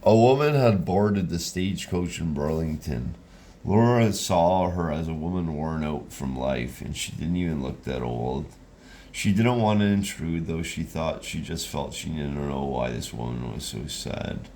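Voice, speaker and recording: A man's voice: very deep voice, animated, moderate pace, mellow, a little hiss or hum. A man narrating a storybook reading in a loose, rambling way with restarts.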